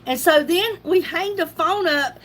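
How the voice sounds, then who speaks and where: A woman's voice: very high voice, unhurried, a bit bright, slight background noise. A middle-aged woman chatting casually on a makeup livestream, laughing often and greeting viewers by name. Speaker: beauty livestream host. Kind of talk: casual makeup live chat.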